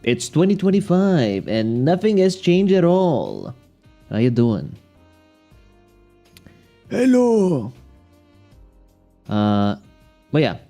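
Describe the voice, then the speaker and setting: A man's voice: medium pitch, mellow. Profane, exasperated young male streamer. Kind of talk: casual livestream rant.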